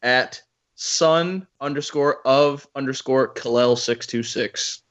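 A man's voice: mid-range voice, takes it slowly, a bit bright, muffled recording. Rambling jokey podcast co-host man. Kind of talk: casual chat.

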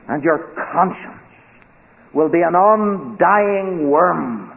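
A high-voiced man preaches slowly and solemnly, pressing each phrase and dropping to a near hush to drive it home. The sound is thin and tinny, like an old sermon tape. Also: animated, vocal fry. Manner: slow, solemn, emphatic delivery with dramatic drops to a hush. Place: church.

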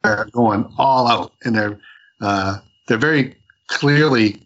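A man co-hosting a comic book podcast retells a story slowly, rambling and restarting often. His voice is on the low side and a bit bright, but the audio is dull.

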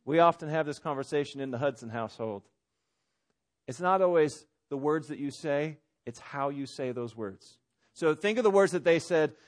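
A man preaching a sermon from a church stage, conversational, swinging between loud emphasis and quiet asides. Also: a little high. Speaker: pastor.

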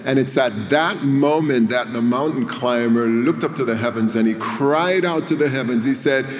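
Man preaching in a reverberant church. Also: mid-range voice. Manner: storytelling with dramatic pauses. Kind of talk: sermon. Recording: long reverb of a church hall.

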